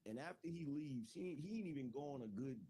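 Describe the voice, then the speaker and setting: A man's voice: a little high, expressive, fairly quick, dark tone, slightly rough. A man casually telling a long joke to friends on a group call, loose and slangy, constantly checking in with "right?". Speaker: joke teller.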